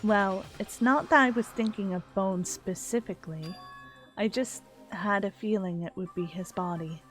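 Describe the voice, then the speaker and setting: A woman doing a quiet, guarded girl detective. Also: soft background music, lightly acted. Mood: calm, grave. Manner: low, quiet and measured. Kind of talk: dramatic reading of game dialogue.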